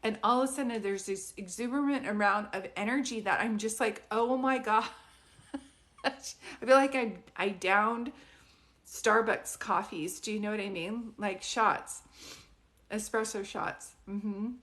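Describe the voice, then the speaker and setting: A chatty woman gives a relaxed live psychic reading from home, her voice sitting at a medium pitch. She rambles along with plenty of fillers and quick restarts. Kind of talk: casual live-stream reading. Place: at home with a dog nearby.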